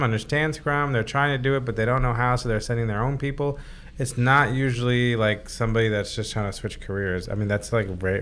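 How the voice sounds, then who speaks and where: A man's voice: mid-range voice, fairly bright tone, a little hiss or hum. A man talking as a podcast guest and Scrum trainer, easygoing and talkative, listing examples from his classes. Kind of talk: casual interview chat.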